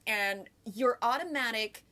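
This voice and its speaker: A woman's voice: a little high, unhurried, sharp tone. Earnest chatty American woman. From United States. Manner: earnest, talkative, explains with many "like" and "right?". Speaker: podcast co-host. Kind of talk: casual podcast conversation.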